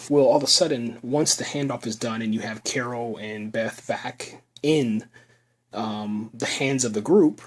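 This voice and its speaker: Husky man rambling through a recap. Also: mid-range voice, unhurried. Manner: loose and rambling, lots of fillers and "man". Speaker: show recap reviewer. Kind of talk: casual episode recap.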